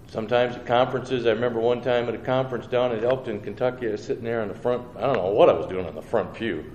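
A man's voice: mid-range voice, quick pace, darkish tone, highs cut off. Earnest man telling his testimony, roomy sound. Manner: earnest storytelling with homespun phrasing; acts out his own thoughts and replies. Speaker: preacher. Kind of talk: personal testimony. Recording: roomy with faint background noise.

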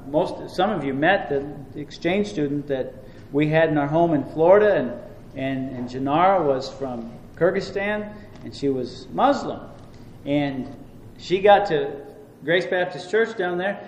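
A man's voice: a little high, expressive, measured pace, a little hiss or hum. Male pastor, middle-aged, emphatic repeating sermon delivery, roomy reverberant church sound, faint ambience. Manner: preaching with emphatic repetition and restarts; reads scripture aloud in old-fashioned wording.

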